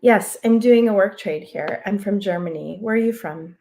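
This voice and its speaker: A woman's voice: mid-range voice, moderate pace, mellow, close to an everyday voice. A woman reading the lines of a carefree, blunt sixteen-year-old girl in a casual, offhand way, her own voice lifted only a little. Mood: breezy.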